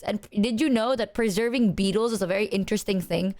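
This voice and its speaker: A woman livestreamer chatting casually to her viewers, her voice sitting a little higher than most. She tells stories with plenty of animation, playing out both sides of each exchange. She swears freely as she goes. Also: fast talker, few pauses. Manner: animated storytelling, acting out both sides of a conversation. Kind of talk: casual chat.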